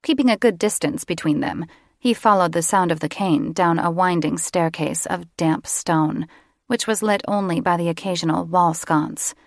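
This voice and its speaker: Low gravelly woman narrating fantasy. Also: normal speed, no room sound, studio quality. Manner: steady storytelling. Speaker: audiobook narrator. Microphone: close studio microphone.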